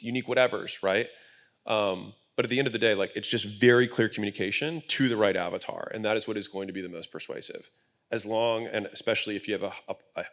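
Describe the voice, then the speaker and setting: A man's voice: fairly low pitch, fairly bright tone. Blunt, emphatic man at a business event. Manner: blunt, emphatic explainer with casual swearing. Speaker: guest speaker at a business event. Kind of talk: conversational panel talk. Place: event stage with live audience.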